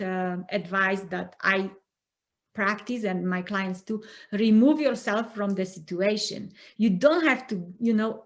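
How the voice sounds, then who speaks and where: Woman guest on an interview show, earnest coach vibe, medium pitch, acts out little arguments. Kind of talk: conversational interview.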